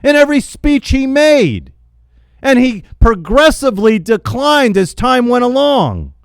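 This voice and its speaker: A man angrily venting in a spoken rant, yelling, repeating himself and stumbling over his words in frustration. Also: extremely high pitch, big pitch swings, a little slow, creaky, smooth, no echo. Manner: repeats phrases for emphasis. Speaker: political vlogger.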